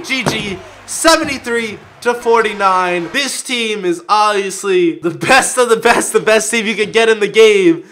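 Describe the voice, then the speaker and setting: A young man commentating his own basketball video game play, excitable and yelling at his players, then dropping to a mutter. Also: high voice, unhurried, hardly any pauses, faint music behind. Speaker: gaming video creator. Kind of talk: live gameplay commentary.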